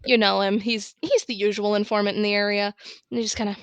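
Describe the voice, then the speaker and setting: A woman narrating a tabletop game as game master, in a casual way with quiet asides. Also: medium pitch, steady tone, fast, smooth, no echo.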